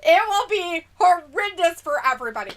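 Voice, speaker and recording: A woman hosting giggly bright-voiced chatter. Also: very high-pitched, lively intonation, brisk. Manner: giggly, playful, reads viewer comments aloud. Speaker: livestream host reading chat. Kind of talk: casual chat.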